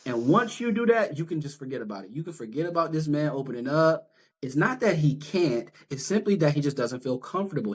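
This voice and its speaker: A man's voice: mid-range voice, husky. A man speaking as a guest social worker in a casual interview, talking in an earnest, emphatic, conversational way.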